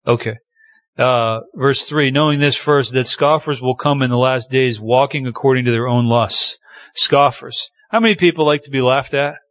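A man's voice: mid-range voice, moderate pace, fairly bright tone, no echo, lo-fi sound. A man preaching a sermon, reading scripture aloud and building emphasis as he speaks. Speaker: pastor.

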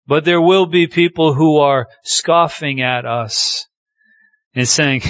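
A man's voice: a little high, takes it slowly, a bit bright, dry recording, highs cut off. A man preaching a sermon, reading scripture aloud and building emphasis as he speaks. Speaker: pastor.

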